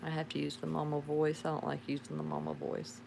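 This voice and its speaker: A woman with a Southern drawl, soft-spoken and chuckling as she chats casually with viewers of her livestream from home. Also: low-pitched, little pitch movement, fast, gravelly, background noise. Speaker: livestream host. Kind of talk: casual live chat. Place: home with pet dogs.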